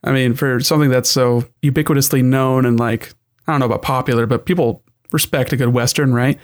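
A man co-hosting a casual gaming podcast, talking in a relaxed, rambling way full of "like" and "I mean". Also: medium pitch, fairly quick. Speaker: podcast co-host.

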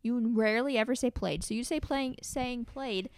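A woman co-hosting a casual podcast chat with her boyfriend, arguing her points quickly and firmly. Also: a little high, clean tone, dry recording, studio quality. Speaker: podcast co-host.

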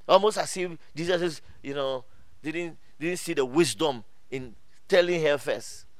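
A middle-aged man preaching a sermon in a high voice, recorded dry with little room sound. He calls out to the congregation, laughs often and repeats himself as he builds his points. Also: unhurried, no echo. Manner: animated preaching with call-outs to the congregation; laughs often, many restarts and fillers. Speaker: pastor.

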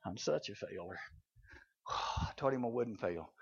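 A despairing grown disciple, low and muttering, heavy with regret, as a preacher puts him on. The recording is dull and lo-fi. His voice sits high for a man. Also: steady tone, racing, bright, forceful tone. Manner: bold, then despairing and muttering.

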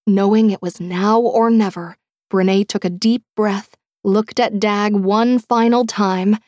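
A woman reading an audiobook in a measured, dramatic way, dropping to a hush at tense moments. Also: mid-range voice, fairly even intonation, no echo, studio quality. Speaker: audiobook narrator. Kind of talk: scripted audiobook narration.

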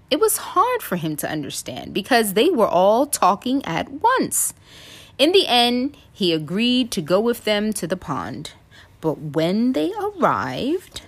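Expressive mom reading a storybook aloud. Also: female voice, medium pitch. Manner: expressive, playful, acts out voices. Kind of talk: children's storybook read-aloud.

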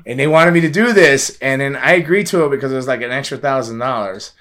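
A man's voice: medium pitch, quick pace, a bit bright. Guy rambling thru a story, stumbles over words, keeps laughing. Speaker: guest telling a film extra story. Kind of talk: casual storytelling.

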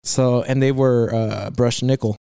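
A man's voice: mid-range voice, steady tone, unhurried, vocal fry, warm tone, clean tone, no echo, clean studio sound. A young man working as a plumber, chatting casually and cursing often, mixing in some Spanish words. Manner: profane, laid-back, slips into Spanish. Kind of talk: casual chat.

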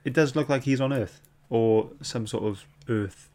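A man hosting a casual book club podcast, reading out viewer questions in a relaxed way. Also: medium pitch, a little slow.

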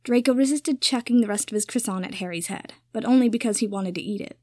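A woman hosting a fan fiction reading, telling the story in an even, clear way. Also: medium pitch, fast talker, no room sound.

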